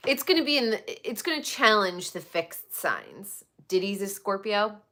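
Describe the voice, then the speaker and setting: A woman in her forties hosting a casual celebrity gossip talk, blunt and swearing freely, with animated outbursts. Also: medium pitch, a little slow, few pauses. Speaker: podcast host.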